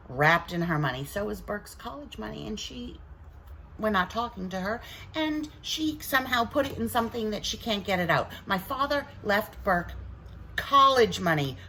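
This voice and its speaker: A woman's voice: mid-range voice, fairly bright tone, slight background noise, low-quality recording. A woman vlogger venting to camera in a defensive, insistent way.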